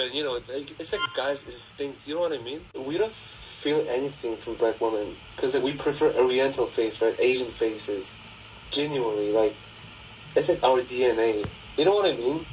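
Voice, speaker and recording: Man, halting filler-heavy talk, mid pitch, noisy recording. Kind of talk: casual chat in a clip. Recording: clip with clear background noise.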